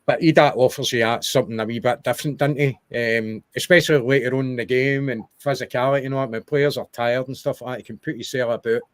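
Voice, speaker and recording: A man's voice: medium pitch, fairly even intonation, fast talker, few pauses. A young Scottish man co-hosting a podcast, chatting casually and rambling about football. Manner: chatty, rambling with restarts and wee asides. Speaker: podcast co-host.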